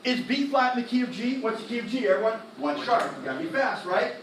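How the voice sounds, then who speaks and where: A man teaching music theory in a classroom lecture, animated, firing quick questions at the students and tossing in slang. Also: very high voice, a little hiss or hum. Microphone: laptop recording the lecture. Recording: echoey classroom from a distance.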